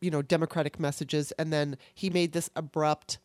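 A woman's voice: deep voice, little pitch movement, a little mellow, no room sound. Tearful, angry woman podcaster. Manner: candid, swearing, halting with restarts. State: tearful, upset. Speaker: podcast host. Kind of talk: emotional solo podcast monologue.

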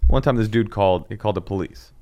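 A man, a former sign language interpreter, telling animated stories in casual chat and acting out voices. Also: lowish voice, fast, muffled recording. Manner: animated storytelling, acts out voices.

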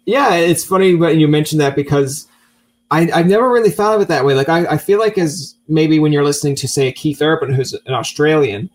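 A man's voice: fairly high pitch, fairly quick. Joking podcast host, man. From Newfoundland. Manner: jokey, acts out little scenes with laughs. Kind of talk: casual interview chat.

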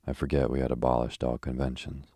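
A man reading the lines of a sharp-tongued young poet, arguing in crisp, pointed sentences. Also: extremely low pitch, flat delivery, fast, no room sound.

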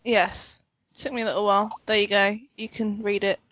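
A woman co-hosting a podcast in a relaxed, casual chat, laughing easily. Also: medium pitch, moderate pace, highs cut off, a little hiss or hum. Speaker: podcast co-host.

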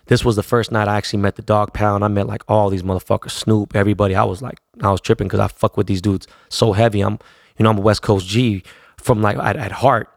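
A man's voice: fairly low pitch, fairly even intonation, quick pace, gravelly, no room sound, clean studio sound. A man, a DJ telling stories casually in profane, laid-back street slang. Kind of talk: casual storytelling.

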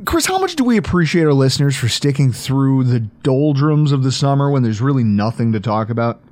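A man's voice: medium pitch, sing-song, a little fast, darkish tone. A man hosting a casual sports podcast, bantering and teasing his co-host in a playful way.

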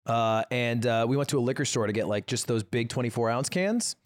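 A man's voice: mid-range voice, a little fast. A young man co-hosting a podcast, casually telling a story and laughing often. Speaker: podcast co-host. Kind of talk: casual chat.

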